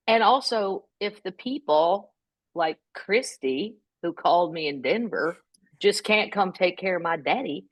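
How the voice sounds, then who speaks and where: A middle-aged woman, a comedian, telling stories about caring for her parents with quick asides. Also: fairly low pitch, dry recording. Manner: lively, animated delivery with quick asides. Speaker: guest comedian. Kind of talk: comic storytelling in a podcast chat.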